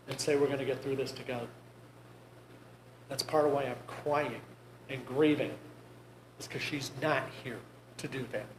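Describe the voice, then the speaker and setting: A man giving a talk to a group, conversational and wry, with joking asides. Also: on the high side. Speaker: grief presenter. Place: church meeting room. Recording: echoey room with faint noise.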